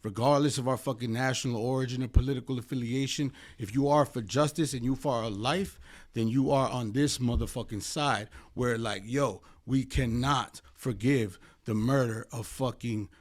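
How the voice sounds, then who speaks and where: A man's voice: mid-range voice, steady tone, normal speed. An American man, a guest attorney on a podcast, talking in an impassioned, rambling, heavily profane way, with many fillers. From United States. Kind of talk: impassioned casual podcast chat.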